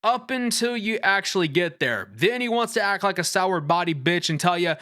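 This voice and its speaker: A man's voice: sits high, animated, moderate pace, bright, forceful tone. A man giving blunt, irreverent, cursing commentary as he reviews a game, stumbling over restarts. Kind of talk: casual profane game commentary.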